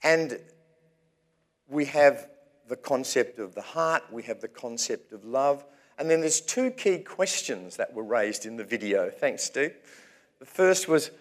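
A male pastor delivering a sermon in a church. He speaks slowly and deliberately, pausing between short phrases, in a voice of ordinary pitch for a man. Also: lively intonation. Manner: measured, unhurried preaching with pauses between phrases.

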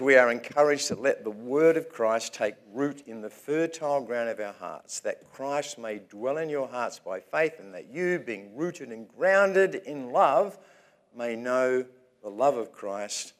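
A man preaching a sermon in a church as its pastor, speaking in measured phrases with pauses between them. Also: medium pitch, animated.

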